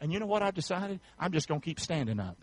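A man preaches a sermon in a high, bright-pitched voice. He calls out to the congregation for answers and swells into shouts. The sound is dry and close. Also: sing-song, fast, breathy edge, dry recording, low-quality recording. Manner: preachy call-and-response, rising to shouts. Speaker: pastor.

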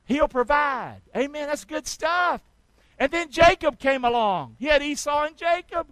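A man preaching a sermon, drawing call-and-response from the congregation and swinging between loud exhortation and quiet asides. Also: extremely high pitch, lively intonation, normal speed, no room sound, poor audio. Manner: call-and-response, urging the congregation to repeat after him. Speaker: pastor.

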